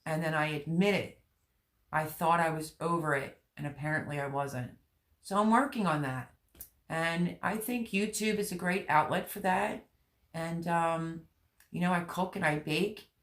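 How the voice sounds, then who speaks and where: A middle-aged woman hosting a gardening channel, chatting candidly and emotionally with her viewers, rambling with many pauses. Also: deep voice, a bit bright. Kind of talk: personal vlog chat with live viewers.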